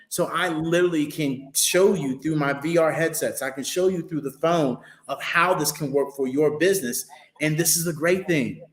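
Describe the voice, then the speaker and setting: A man's voice: fairly high pitch, roomy sound. A man, a guest entrepreneur, talking in a motivational way and repeating phrases for emphasis. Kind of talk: motivational interview talk.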